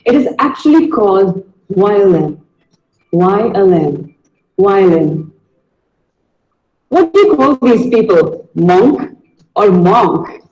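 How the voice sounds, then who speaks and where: A high-pitched man gives a video lesson on pronunciation, speaking slowly and carefully. He repeats each word as a drill, and his voice rings in an echoey room. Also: sing-song, a little mellow, highs cut off. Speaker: pronunciation teacher.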